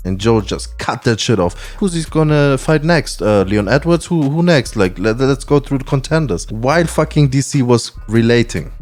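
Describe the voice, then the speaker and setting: A man's voice: lowish voice, a little mellow. A man hosting a podcast in casual chat, rambling and slangy with frequent swearing. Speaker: podcast host.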